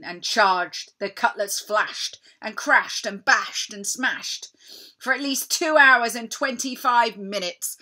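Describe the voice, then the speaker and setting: An older woman reading a children's storybook aloud with animated, dramatic storytelling. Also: medium pitch, slow. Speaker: storybook reader.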